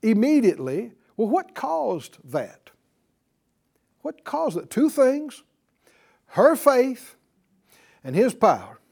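A man's voice: very high voice, wildly swooping pitch, slow pace, vocal fry, long pauses, darkish tone. A man teaching a Bible class in a call-and-response style. He stresses and repeats key words and has the class repeat lines back to him.

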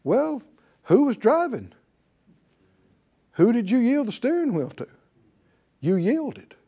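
A man's voice: very high-pitched, sing-song, slow pace, mellow, husky. A man preaching a sermon to a class in a conversational way, calling on them to repeat after him. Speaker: pastor teaching a class.

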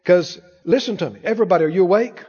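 A high-pitched male preacher delivers a forceful sermon, throwing rhetorical questions at the congregation and leading them in call-and-response. His voice rings out with a long reverb tail in a large hall. The recording itself sounds dull and muffled, with the highs rolled off. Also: fast talker, husky. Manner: emphatic, asks rhetorical questions and calls the congregation to repeat after him. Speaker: pastor.

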